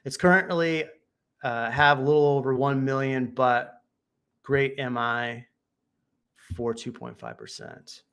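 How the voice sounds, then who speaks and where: A man's voice: medium pitch, fairly even intonation, a little slow, long pauses, fairly bright tone, smooth. A man hosting a casual chat show, giving real estate advice in a laid-back, joking way, thinking aloud and restarting his sentences. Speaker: real estate agent and podcast host.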